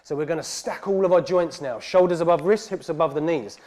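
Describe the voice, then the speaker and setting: A male yoga teacher leads a class in a heated studio, calling out each breath and pose in a steady, calm way. His voice sits a little higher than most men's. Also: fairly quick. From England. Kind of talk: guided yoga class instruction.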